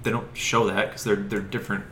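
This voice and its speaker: A man's voice: on the low side, level tone, a little fast, a bit bright, reverberant, slight background noise. A man co-hosting a casual podcast chat, explaining things in a matter-of-fact way. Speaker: podcast co-host. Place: outdoors on a summer day.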